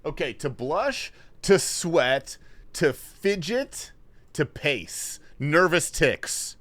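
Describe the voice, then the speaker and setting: Man, livestreamer, lively pitch, unhurried pace, thinks aloud and swears. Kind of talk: casual livestream chat while playing a word puzzle.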